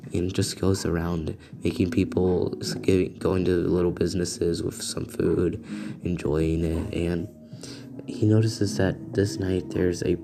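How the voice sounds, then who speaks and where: A young man spins an improvised fan story in a low, gravelly voice. He rambles, restarts, and stops to talk to his listeners. Beat music plays clearly behind him. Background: music beats.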